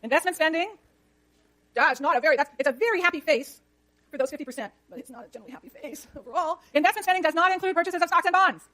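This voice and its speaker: A woman lecturing an economics class, brisk and jokey, scolding the chatter when it gets too loud. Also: sits high.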